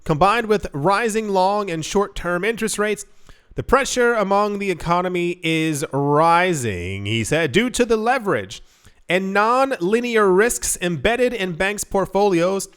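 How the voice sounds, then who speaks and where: He's a young crypto news host with a high, bright, clean voice, animated yet unhurried. His casual commentary wanders loosely, with plenty of asides and self-corrections.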